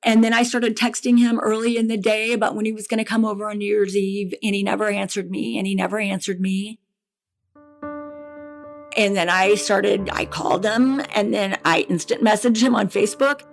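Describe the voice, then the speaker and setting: A middle-aged woman telling a painful personal story in a podcast interview, halting and emotional, with restarts and repetition. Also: mid-range voice, fairly even intonation, gravelly, faint music behind. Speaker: bereaved mother guest.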